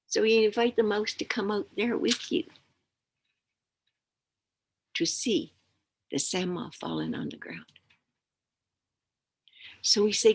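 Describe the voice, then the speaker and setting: An older woman teaching through stories outdoors in a slow, gentle, plain-spoken way, dropping in Ojibwe words. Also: mid-range voice, sing-song, creaky, slight background noise. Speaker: elder teacher. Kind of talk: oral storytelling lesson.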